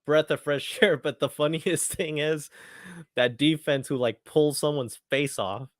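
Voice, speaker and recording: With a fairly high voice and measured pace, this watchalong host comments live on a football match, reacting eagerly in casual chat and repeating his phrases a lot. It's a clean studio recording with no room sound.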